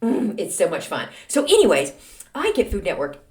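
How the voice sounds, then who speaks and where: A middle-aged woman talks through a casual solo podcast with a chatty, self-deprecating manner. Her pitch swoops up and down as she tells her stories with animation. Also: wildly swooping pitch, normal speed, a little mellow. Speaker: podcast host.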